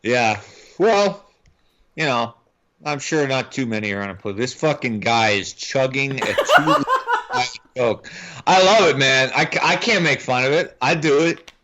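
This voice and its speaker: A man's voice: medium pitch, lively intonation, moderate pace, sharp tone. A man co-hosting a film podcast in casual chat, rambling with restarts and easy laughs. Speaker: podcast co-host. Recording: slightly dull lo-fi audio.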